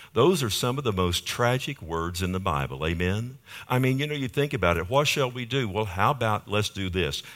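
In a Fort Worth church, a pastor delivers an emphatic sermon in a low, slightly bright voice. He keeps tossing "amen?" out to the congregation to drive his points home.

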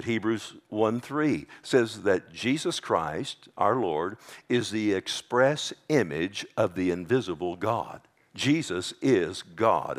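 A man with a Texas accent preaching a sermon, talking casually to the congregation and asking them for amens. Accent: Texan. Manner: conversational, calls out to congregation for amens; slows and drops low on scripture lines.

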